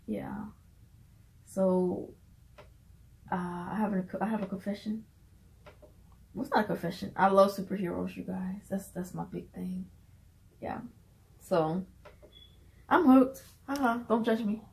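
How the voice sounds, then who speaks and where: A woman's voice: medium pitch, unhurried, creaky, long pauses, a little mellow, poor audio. A woman with a Southern US accent, chatting in a bubbly, laughing way on a casual vlog. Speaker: vlogger and minister.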